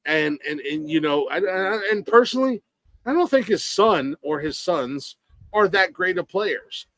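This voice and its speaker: A man on a podcast vents about sports in a profane, heated way, tripping over repeated restarts. His voice sits a bit high. The sound is dry and close. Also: animated, measured pace, fairly bright tone, no room sound. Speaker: podcast co-host. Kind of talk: casual sports chat.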